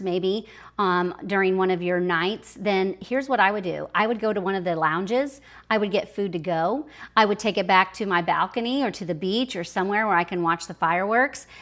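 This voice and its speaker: Enthusiastic middle-aged woman travel vlogger. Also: medium pitch. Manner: warm, enthusiastic, conversational with pro tips. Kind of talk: personal travel vlog advice.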